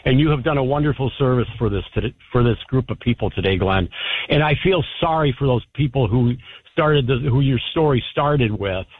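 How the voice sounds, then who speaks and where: A man calling in to a radio talk show. He speaks warmly and with gratitude, in a mid-pitched voice. He comes through a tinny phone line. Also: expressive, fairly quick, a little hiss or hum. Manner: warm, grateful, heartfelt father. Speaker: caller.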